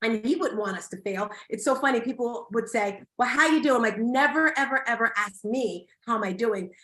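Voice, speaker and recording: High-voiced, energetic woman motivational speaker. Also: a little fast. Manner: energetic, emphatic, bursts of loud excitement. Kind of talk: live motivational talk to an audience. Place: event hall. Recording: echoey hall.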